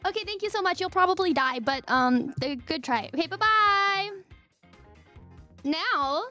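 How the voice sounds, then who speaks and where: A woman's voice: very high-pitched, expressive, a little slow, bright, forceful tone. A woman streaming, chatting casually in a giggly, scattered way, with faint music behind. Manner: giggly, scattered, frequent laughs. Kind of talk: casual chat.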